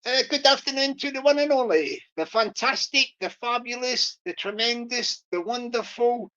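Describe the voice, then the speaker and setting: A woman hosting a livestream, rambling and repeating herself as she mock-scolds and gives shout-outs. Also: on the high side, moderate pace, dull audio. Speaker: livestream host.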